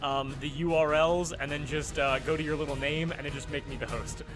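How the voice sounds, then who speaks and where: Easygoing game master with a raised voice. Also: male voice, on the high side, steady tone, a little fast, music in the background. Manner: casual, filler-heavy, laughing often. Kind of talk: narrating a tabletop game.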